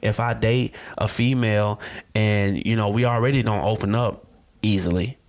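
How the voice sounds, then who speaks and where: A man's voice: lowish voice, normal speed. A man in casual conversation, acting out dialogue as he tells stories. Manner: animated storyteller acting out dialogue. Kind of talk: casual chat.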